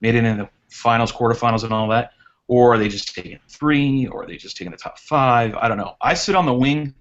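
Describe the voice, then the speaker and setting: A man's voice: mid-range voice, fairly quick. Male racing guest, chatty storyteller, mid-range voice, dull video-call sound. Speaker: guest drone racer. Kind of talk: casual chat on a live hangout.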